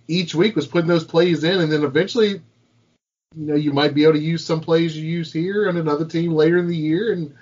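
A man's voice: fairly high pitch, slightly rough, dull audio. A man co-hosting a casual sports podcast, talking bluntly and profanely and often repeating words. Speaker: podcast co-host.

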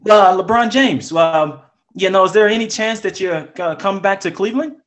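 Guy putting on a stumbly sports reporter voice, slow with lots of ums. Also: high voice, a bit bright, pitched above the performer's own voice. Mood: mock-earnest. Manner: halting, filler-heavy, slow questioning. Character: man imitating a hesitant sports reporter.

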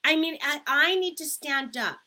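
A woman co-hosting a live talk stream, earnest and indignant as she tells her story. Her voice is bright and forward, sitting a little high. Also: moderate pace, a little hiss or hum. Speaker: co-host, radio producer. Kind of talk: casual live-stream chat.

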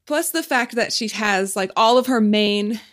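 A woman in her thirties co-hosts a podcast, chatting in a giggly, loose, casual way at a measured pace with a mid-range voice. Her talk is casual conversation, and she tends to trail off with filler words.

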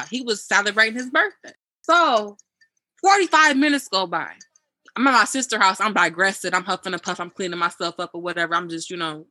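An animated young woman tells a story among friends, jumping into the voices of everyone on the phone line. Her voice is bright and forward, and the sound is dry and close. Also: mid-range voice, dry recording. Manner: animated, acts out both sides of phone calls, swears freely. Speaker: podcast guest.

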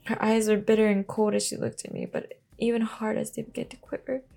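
Gravelly woman reading a novel aloud. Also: fairly high pitch, level tone, fairly quick, dark tone. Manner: reads with frequent stumbles and restarts. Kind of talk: casual bedtime read-aloud with asides.

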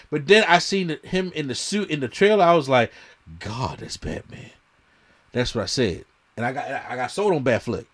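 A man hosting a podcast, telling an emphatic, slangy story in casual movie chat and often repeating himself. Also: high voice. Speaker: podcast host.

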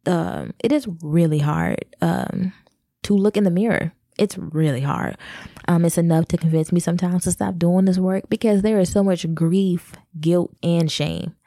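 A woman's voice: lowish voice, normal speed, dark tone, no room sound, clean studio sound. A woman in her thirties talking candidly to her viewers in a personal vlog, confessional and direct. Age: 30s. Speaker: vlogger.

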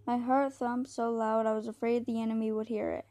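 Woman reading a book out loud, kinda monotone, soft dark tone. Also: fairly high pitch, brisk, rough recording. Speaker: book reader. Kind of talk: reading a war novel aloud.

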